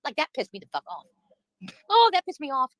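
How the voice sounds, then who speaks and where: A woman's voice: sits high, wildly swooping pitch, a little fast, a bit bright, dry recording, low-quality recording. A woman livestreaming, venting in a heated, profane rant while answering her chat.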